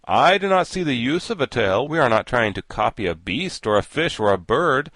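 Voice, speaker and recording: A calm, practical tin man, as a male narrator reads him, measured and matter-of-fact. The dry recording keeps the voice close. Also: medium pitch, dry recording. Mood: decisive.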